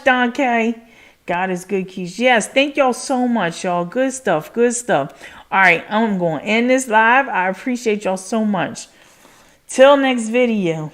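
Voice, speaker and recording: A woman's voice: on the high side, lively intonation, measured pace. Casual, cursing woman livestream host. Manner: casual, frequent swearing and filler "like"; effusive thanks to viewers.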